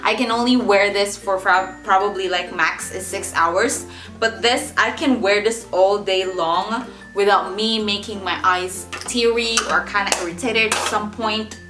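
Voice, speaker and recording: Measured in pace and medium in pitch, a young beauty vlogger talks viewers through applying makeup, casual and chatty, doubling words for emphasis. Her recording carries a roomy echo with faint music in the background.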